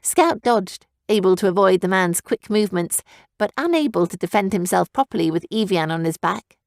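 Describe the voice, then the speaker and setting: In a steady storytelling style, a woman reads a young adult fantasy audiobook from a script. Her voice is mid-range and moderately paced, captured with a dry, clean studio sound.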